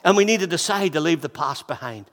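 A man of sixty preaching a sermon as pastor, fervent and repetitive, moving between loud exhortation and hushed intensity. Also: on the high side, lively intonation, quick pace, big-room sound. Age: 60s. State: out of breath. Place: church hall.

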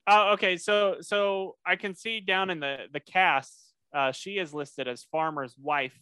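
A man's voice: sits high, fairly even intonation, a little slow, bright, forceful tone, smooth, dry recording. A man co-hosting a podcast, casually recapping a cartoon episode with lots of fillers and restarts. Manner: rambling, many fillers and restarts. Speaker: podcast co-host.

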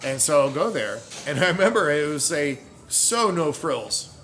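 A man's voice: on the high side, normal speed, soft background music. Rambling middle-aged man telling stories. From United States. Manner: rambling and animated, self-correcting, laughs a lot. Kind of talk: casual storytelling chat.

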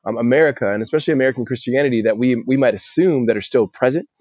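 A man's voice: medium pitch, rapid-fire, darkish tone, no room sound. A man teaches through a Bible chapter on a podcast in an earnest, conversational way, restarting phrases as he thinks. The sound is dry with no room to it and a little dull, like a lo-fi mic. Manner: earnest, repeats words as he thinks. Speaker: pastor.

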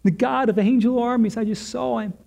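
A man's voice: very high voice, steady tone, fairly quick, creaky, darkish tone. A man playing a grief-stricken prophet who cries out his unworthiness in awe. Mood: anguished. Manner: pleading, repeating cries of unworthiness.

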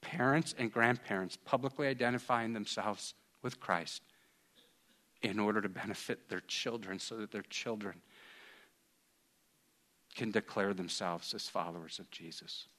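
A man preaching a sermon in an earnest tone, moving from hushed passages to loud, raised ones. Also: fairly low pitch, measured pace, long pauses. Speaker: pastor.

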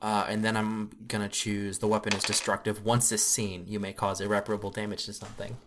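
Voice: low voice, level tone, brisk, noisy background. A player joking through their turn in a tabletop role-playing game. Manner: joking, laughs at own moves.

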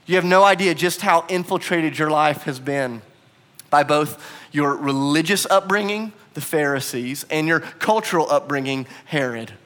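A pastor delivers a sermon in a fairly high-pitched man's voice. He preaches with animation, acting out the quoted lines and raising his voice for them. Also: moderate pace, fairly bright tone. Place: bar used as church venue.

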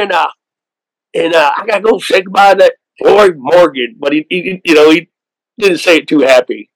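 A man's voice: a little high, moderate pace, a bit bright, dry recording, poor audio. A man from Oklahoma, a waterfowl outfitter and guest, telling stories in an easygoing way and laughing often. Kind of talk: casual interview chat.

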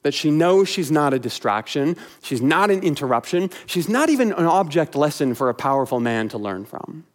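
Conversational male pastor, slightly higher voice. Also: very animated, normal speed, few pauses. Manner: conversational, with wry asides. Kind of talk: sermon.

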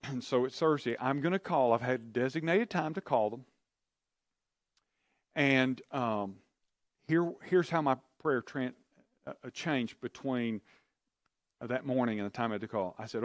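A male pastor speaks in a plain middle-register voice, recounting a personal story with earnest, confiding warmth. He acts out his own prayers and conversations as he goes. The sound is dry and close, with no room echo. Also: medium pitch, moderate pace, long pauses. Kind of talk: sermon storytelling.

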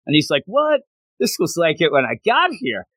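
A man's voice: a little high, a little fast, breathy edge, no room sound. A man casually chatting on a podcast, recapping a comic book with lots of laughter and acted-out character lines. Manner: animated storytelling, acts out characters' lines, laughs often.

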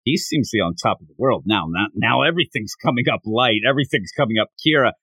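Animated man acting out lines on a podcast. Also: medium pitch, breathy edge, no echo. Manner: animated, acts out characters' lines in quick bursts. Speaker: podcast co-host. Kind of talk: casual podcast discussion.

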